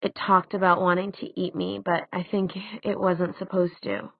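A woman reading the part of a blunt, sarcastic teenage girl, pitching her voice higher with quick questioning retorts. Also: level tone, vocal fry, dry recording. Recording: dry, tinny phone-like sound.

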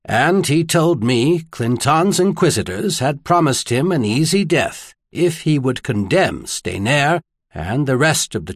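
A man's voice: medium pitch, husky, no room sound, studio quality, full character voice. A man voicing a grave, solemn cleric. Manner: flat, controlled, quietly intense. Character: grave middle-aged male cleric, measured and solemn.

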